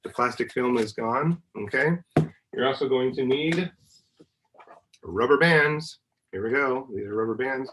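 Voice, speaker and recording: Playful professor teaching kids. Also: male voice, mid-range voice, noisy background. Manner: patient, playful, sings notes and makes vocal sounds to demonstrate. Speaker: university professor. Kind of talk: explaining a hands-on science demo to children. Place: family home.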